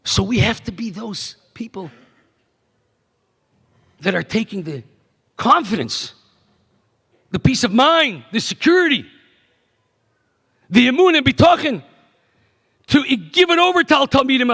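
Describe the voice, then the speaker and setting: A middle-aged man, a rabbi giving a keynote address, telling stories in an animated way that swings from hushed to emphatic. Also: very high-pitched, a little slow, creaky, pauses often, breathy edge. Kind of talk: storytelling speech. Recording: echoey banquet hall PA.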